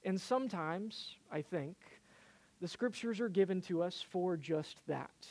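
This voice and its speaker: Preacher, sermon storytelling, hesitant delivery with fillers, mid-pitched voice. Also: expressive, measured pace, a little mellow. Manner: hesitant, lots of "uh" fillers and restarts.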